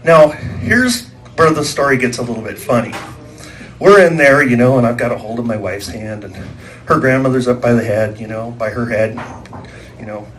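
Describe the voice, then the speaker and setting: A man's voice: mid-range voice, normal speed, faint music behind. A man doing live stand-up, telling rambling stories that repeat words and act out quoted voices, at a small live venue. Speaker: stand-up comedian.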